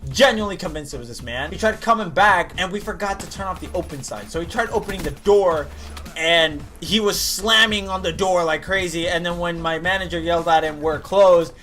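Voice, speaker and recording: High-voiced young man telling a story. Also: fairly quick, sharp tone, faint music behind. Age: young adult. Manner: casual, swears freely, talks straight to viewers. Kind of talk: story time commentary.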